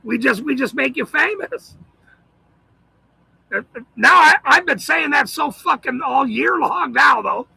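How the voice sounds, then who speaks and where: A man in a profane, shouting monologue, ranting as the host of his own channel. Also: very high-pitched, expressive, unhurried, vocal fry, pauses often, no echo, low-quality recording. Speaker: citizen auditor channel host.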